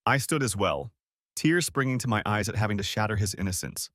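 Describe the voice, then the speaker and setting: A middle-aged man reading a first-person story as an audiobook narrator, steady and earnest. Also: fairly low pitch, a little fast, no room sound, studio quality.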